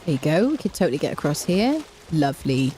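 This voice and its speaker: A woman talks through her game in a chatty, playful way, her pitch swinging up and down, and she hums little tunes as she goes. Her voice is warm and mellow. Faint music plays behind her. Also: big pitch swings, fast. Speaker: gaming streamer. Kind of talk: casual let's-play commentary.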